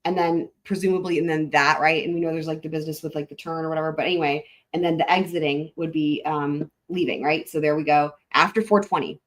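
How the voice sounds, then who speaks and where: A woman's voice: deep voice, fairly even intonation, fast talker, few pauses. A woman hosting a live stream, talking her way through maps in casual, rambling commentary with frequent swearing and restarts. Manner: rambling, profane, thinking aloud with frequent "like" and restarts. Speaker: livestream host.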